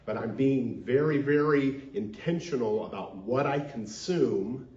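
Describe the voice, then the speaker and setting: A man's voice: mid-range voice, measured pace, a little mellow. A male minister preaching a sermon in an earnest way, leading the congregation in call-and-response. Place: church sanctuary. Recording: dull echoey sanctuary recording.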